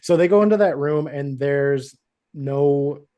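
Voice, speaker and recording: A man's voice: fairly high pitch, slow pace, clean tone. A man on a podcast, casually recapping a TV episode and acting out the characters' lines as he goes. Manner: animated, acts out characters' lines while retelling. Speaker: podcast co-host.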